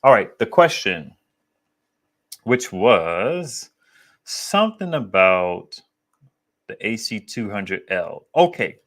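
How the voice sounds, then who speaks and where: Deep bassy guy rambling to his viewers on a vlog, slangy and candid, wanders off topic a lot. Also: sing-song, slow pace, long pauses, a bit bright. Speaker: solar equipment YouTuber. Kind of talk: casual vlog chat.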